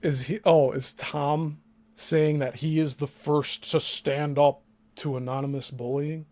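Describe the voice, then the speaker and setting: A man's voice: fairly high pitch, flat delivery, unhurried, darkish tone. A man hosting a reaction commentary, talking in a sarcastic, blunt way and swearing freely. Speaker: host.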